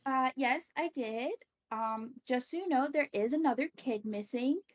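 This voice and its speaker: A woman's voice: sits high, moderate pace. Hesitant woman narrating her character. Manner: hesitant, filler-heavy, light. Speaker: player. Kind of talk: tabletop game narration and chat.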